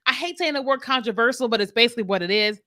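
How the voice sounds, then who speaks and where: Bright-voiced chatty woman. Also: on the high side, rapid-fire. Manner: chatty, animated, with laughs and asides. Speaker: marketing strategist. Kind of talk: casual direct-to-camera talk.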